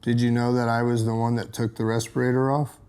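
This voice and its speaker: A man in his sixties, a stepfather speaking in a documentary interview, measured and reflective, with hesitant pauses. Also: medium pitch, level tone, darkish tone, clean tone. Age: 60s.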